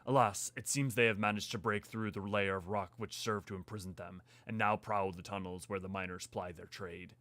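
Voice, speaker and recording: A man voicing a pompous, genteel older male merchant who speaks slowly and formally, reading game dialogue aloud. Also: lowish voice, steady tone, a bit bright, no room sound, pitched below the performer's own voice, lightly acted. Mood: grave. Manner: slow, formal, grand.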